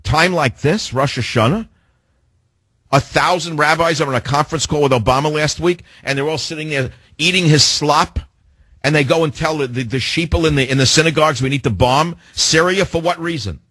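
A man's voice: on the high side, brisk, bright, forceful tone, breathy edge, dry recording. A man hosting a political talk radio show, combative and sarcastic, firing off rhetorical questions.

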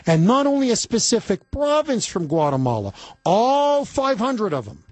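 A man hosts a talk radio show in an indignant, emphatic rant. His voice sits high and swoops widely, with a husky edge, recorded dry and close on a studio mic. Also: big pitch swings, moderate pace, a little mellow, no echo, faint music behind. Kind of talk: political talk radio monologue. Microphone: studio microphone.

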